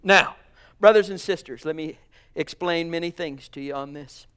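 A man preaching a sermon, fervent, swinging between loud exclamations and hushed asides. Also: on the high side, moderate pace, smooth.

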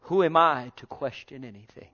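Preacher guy with a sound, lively high-ish voice, dull lo-fi recording. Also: moderate pace. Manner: animated, swings from loud exclaiming to quiet asides; calls out to the congregation. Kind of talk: sermon.

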